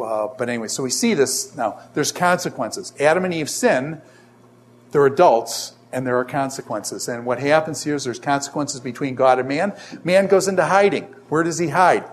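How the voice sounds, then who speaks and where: A middle-aged man lecturing a class on Scripture, often throwing rhetorical questions at his students. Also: mid-range voice. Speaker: Bible teacher.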